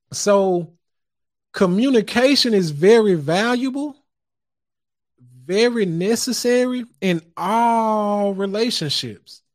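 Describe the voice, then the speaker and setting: High-voiced man preaching casually. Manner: loose, preachy, chuckles often, curses casually. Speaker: podcast host. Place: home studio.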